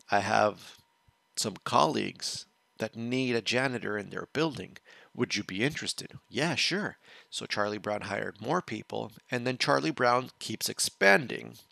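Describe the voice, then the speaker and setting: Gravelly low-voiced man telling a story. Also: bright, forceful tone, no room sound. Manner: rambling, restarts phrases as he explains. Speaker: watch-along reaction host. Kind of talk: casual storytelling chat.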